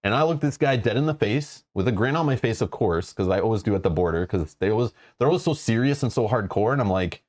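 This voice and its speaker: A man's voice: lowish voice, lively intonation, quick pace, hardly any pauses, a little mellow. Male host, loose joking storyteller, casual stream chat. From Canada. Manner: rambling storyteller with many fillers, joking. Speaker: show host.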